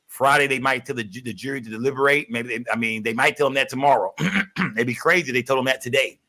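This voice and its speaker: A young man hosting a casual livestream, rambling and profane, giving constant shout-outs to his viewers. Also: medium pitch. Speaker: livestream host.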